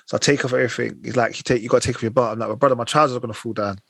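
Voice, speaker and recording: A man's voice: medium pitch, racing, creaky, breathy edge, no room sound. A young man telling a long, slang-heavy story on a podcast, acting out every quoted line. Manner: animated anecdotes full of slang and acted-out quotes. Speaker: podcast co-host. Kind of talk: casual chat, storytelling.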